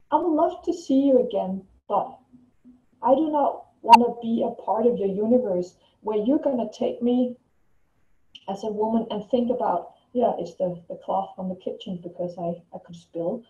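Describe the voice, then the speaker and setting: A woman's voice: fairly high pitch, lively intonation, measured pace, dark tone. Distant, echoey woman telling a story. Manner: rambling, frequent restarts and repeated words. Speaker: vlogger. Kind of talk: casual personal storytelling to camera. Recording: roomy, distant, dull lo-fi sound.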